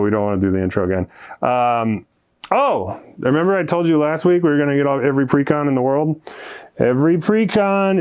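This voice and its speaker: Shop-owner vlogger, male, smooth clear voice, loose and jokey, swears, pitch leaps up when excited. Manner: animated, joking, swears casually, laughs often, big pitch jumps. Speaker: card shop owner and channel host. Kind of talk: casual rambling vlog update.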